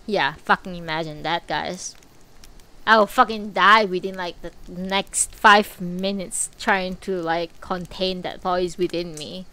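A woman streamer chatting casually on a live stream, blunt and dry, swearing freely and low on energy. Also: unhurried, sharp tone.

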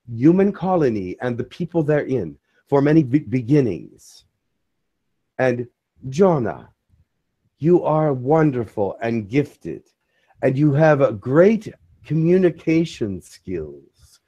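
A man channeling a spiritual message to a small community, speaking in a measured, solemn way. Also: mid-range voice, a little mellow.

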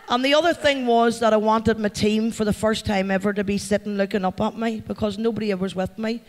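Northern Irish man, high-pitched, heartfelt and chatty, giving an award speech in a reverberant hall. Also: steady tone, fairly quick, few pauses. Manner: heartfelt, chatty, thanks the crowd by name. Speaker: award recipient addressing a company event. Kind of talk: acceptance speech to a live audience. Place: large event hall.

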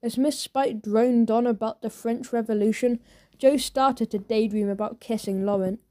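Woman narrator for a kids' audiobook, lively storytelling, mellow and fairly high. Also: moderate pace.

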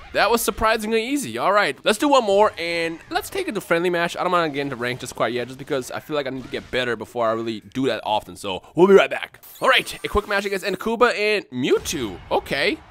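A man hosting his own gaming channel, giving live gameplay commentary in an excitable way and rattling off repeated words when the action gets tense. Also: a little high. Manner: excitable, repeats words rapidly under pressure.

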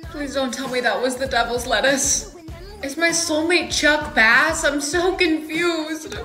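Young woman skit comic, high crisp voice, overplays every reaction. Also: measured pace, sharp tone, soft background music. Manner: dramatic, exaggerated reactions. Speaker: skit creator. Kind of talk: comedic POV skit acting.

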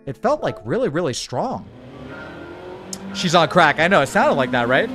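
A man's voice: a little high, music in the background. A man hurriedly commenting on a live racing game stream and chatting with his viewers. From United States. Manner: hurried, excitable, chats with viewers.

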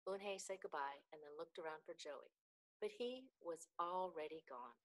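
Book club storyteller, woman, clear and careful read-aloud. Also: lowish voice, normal speed, poor audio.

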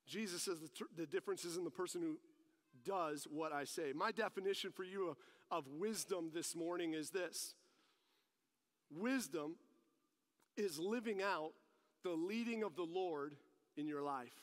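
At a church service, a male pastor with a somewhat high voice speaks at a moderate pace, leaving long pauses. His sermon blends teaching with personal stories, delivered animatedly with rising emphasis, and the sound carries the long reverb of a large hall.

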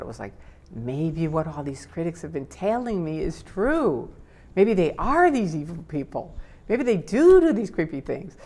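An older woman as an interview guest, telling her personal story with feeling, sometimes tearful and acting out what others said. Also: sits low. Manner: animated, tearful at times, acts out quotes.

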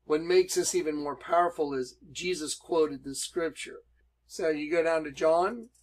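A man teaching from the Bible in an emphatic preaching style, reading verses aloud slowly. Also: a little high, darkish tone, rough recording.

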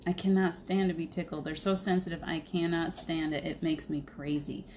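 A woman's voice: low-pitched, level tone, moderate pace, a little mellow, a little hiss or hum. Chatty, laughing woman streaming live. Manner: chatty, laughing often, rambling. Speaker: spiritual medium, livestream host. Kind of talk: casual livestream chat.

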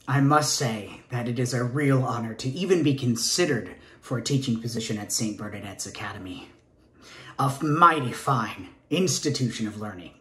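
In a comic stage monologue, an actor portrays a nervous gay man interviewing for a teaching job, rambling and stammering in a Southern accent and now and then dropping to a whisper. His medium-pitched voice is bright and forceful at a moderate pace, lightly acted, in an echoey room.

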